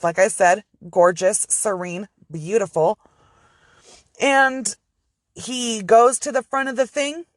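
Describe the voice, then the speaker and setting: A woman's voice: medium pitch, dry recording, studio quality. A woman casually telling a true crime story from inside her car, chatty and profane with rambling asides.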